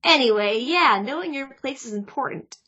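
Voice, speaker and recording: A woman's voice: sits high, lively intonation, normal speed, pushed and bright, highs cut off. A woman co-hosting a podcast in casual chat, retelling a manga chapter and reading its lines aloud. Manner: reads character dialogue aloud in a light, chatty way. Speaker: podcast co-host.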